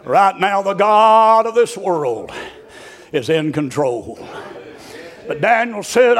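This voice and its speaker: A man preaching a sermon, shouting and chanting with folksy stories, short of breath. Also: high-pitched, expressive, slow, long pauses.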